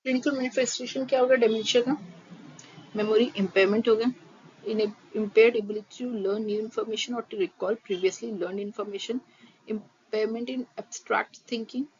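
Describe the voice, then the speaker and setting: A woman teaches a nursing lecture, reading her notes at an even pace and then switching to rapid Hindi-English explanations. Her voice sits at a middle pitch. The audio is slightly dull, with a faint hiss underneath. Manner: reads terms steadily, then re-explains them quickly in Hindi-English mix.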